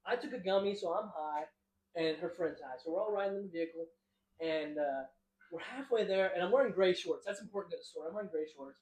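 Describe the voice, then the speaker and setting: A man's voice: high-pitched, fast, a little mellow, reverberant, rough recording. A young man co-hosting a podcast, telling stories in a casual, rambling way, often laughing and acting out what people said. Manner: rambling, laughing, acts out quotes. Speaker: podcast co-host. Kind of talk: casual storytelling.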